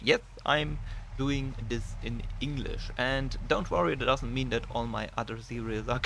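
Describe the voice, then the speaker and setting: A young native German speaker with a German accent hosts a farming game let's play, chatting casually and often pausing to search for words. His mid-range voice is gravelly and fairly bright, with slight background noise.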